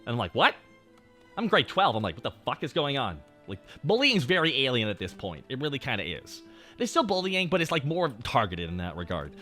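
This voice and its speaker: A man's voice: mid-range voice, huge pitch swings, quick pace, pushed and bright, soft background music. A young man, telling a story casually on stream in a profane, rambling way.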